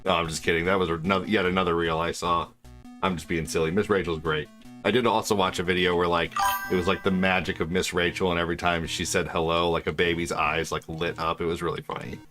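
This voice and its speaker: A man's voice: sits low, little pitch movement, fast, a bit bright, faint music behind. A man streaming retro games, chatting casually and crudely with his viewers. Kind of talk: casual live-stream chat.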